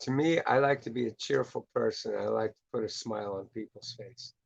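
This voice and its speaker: Gravelly-voiced man, crude casual chat. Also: mid-range voice, fairly quick, no room sound. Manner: chatty and crude, swears freely. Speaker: host. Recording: dull lo-fi dry recording.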